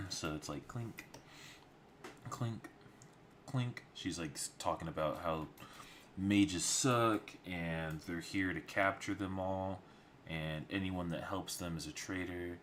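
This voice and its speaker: A man with a low, fairly bright voice speaks slowly as he streams his storyboard work, rambling loosely through scene ideas with plenty of fillers. Keyboard typing is clearly audible behind him, along with slight background noise.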